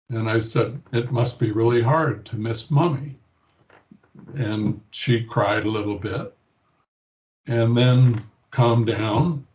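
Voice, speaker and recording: A man's voice: mid-range voice, steady tone, slow pace, a little mellow, dull audio. An older man, a grandfather, reflectively telling a personal story in an interview and acting out the quoted voices. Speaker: interview guest, patient.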